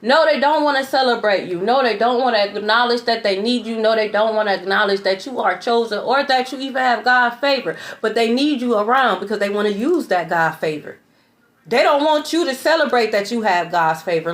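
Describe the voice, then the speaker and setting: A woman's voice: fairly high pitch, lively intonation, moderate pace, fairly bright tone. A woman giving a spiritual tarot reading in a blunt, preachy way. She swears, laughs in scorn and keeps asking "okay?". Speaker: tarot reader.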